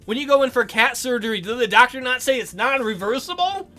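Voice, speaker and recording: A man voicing a shrill, indignant young woman. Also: expressive, a little fast, bright, forceful tone, faint music behind, exaggerated voice. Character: outraged young woman, the player heroine.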